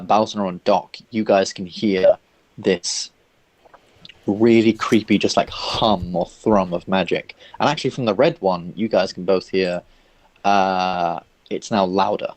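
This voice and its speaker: Low-voiced dungeon master, dry sound. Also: male voice, no echo. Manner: loose, filler-heavy descriptive narration. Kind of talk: narrating a tabletop game.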